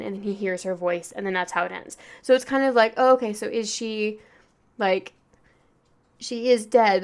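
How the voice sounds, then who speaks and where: A woman talks through a novel she has just finished, in the loose, chatty way of a casual book podcast. She gushes, circles back and restarts her sentences, and leans on filler words throughout. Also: mid-range voice. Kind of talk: casual book review monologue.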